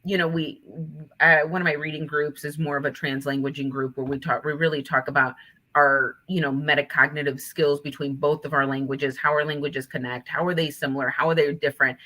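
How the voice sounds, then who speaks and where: A woman, an author and teacher, telling animated stories in an interview and acting out what her students said. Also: sits low, normal speed. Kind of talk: conversational interview storytelling.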